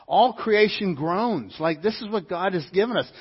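Male pastor, sermon, husky and slightly high, animated with repeated lines, dull lo-fi recording. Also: normal speed. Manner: animated preaching with mimicked voices and repetition. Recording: dull lo-fi sound.

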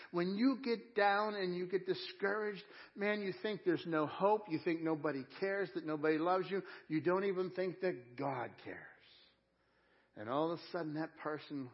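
A man preaching a conversational sermon at a church service, shifting between hushed, slow moments and excited, quicker bursts. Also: sits high, highs cut off. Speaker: pastor.

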